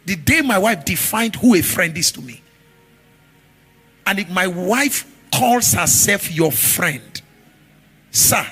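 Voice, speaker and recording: A man preaching a sermon, telling stories with animated shifts from shouts to murmurs. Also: high-pitched, slow pace, pauses often, husky, faint music behind. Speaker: pastor.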